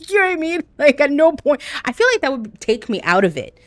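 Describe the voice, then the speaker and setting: A woman with a high voice streams a game live, chatting with her viewers candidly and jokingly as she plays. The recording has no echo.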